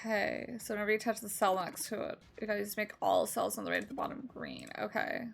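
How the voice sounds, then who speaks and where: A woman's voice: mid-range voice, steady tone, fast, vocal fry, few pauses. A young woman streaming a game, reading the story aloud and chatting casually.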